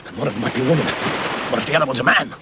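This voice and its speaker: Castaway man, unhinged, lively pitch, shrill peaks, acted by a comedian. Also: very fast, very noisy, close to an everyday voice. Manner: brooding, then manic and shrill. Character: lonely male castaway, jealous and unhinged.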